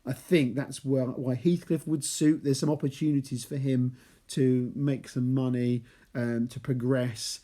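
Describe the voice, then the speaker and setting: Speaking at a measured pace, this man has a warm, medium-pitched voice with little pitch movement. He is a literature teacher giving a chatty chapter analysis lesson, reading passages and explaining them with playful asides.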